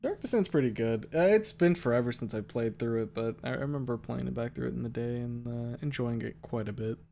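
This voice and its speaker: A man's voice: medium pitch, brisk, creaky, warm tone, slight background noise. A man hosting a stream, chatting in a laid-back, self-deprecating way. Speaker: streamer host. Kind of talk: casual chat.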